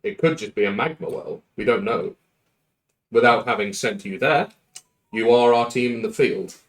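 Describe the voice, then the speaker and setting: A man running a tabletop role-playing game as game master, answering the players in a measured, deliberate way with frequent fillers. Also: medium pitch, rough recording.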